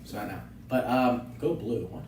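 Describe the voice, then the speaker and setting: A man co-hosting a podcast, telling a story in a casual, animated way, laughing often and acting out the quotes. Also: mid-range voice, normal speed, a crowd in the background. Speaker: podcast co-host. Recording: echoey room, distant from mic.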